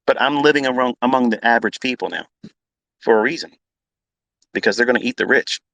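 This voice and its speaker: A man's voice: medium pitch, quick pace, gravelly, sharp tone, no room sound, poor audio. A man teaching trading as a mentor, ranting bluntly with heavy swearing and repetition. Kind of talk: unscripted profane rant.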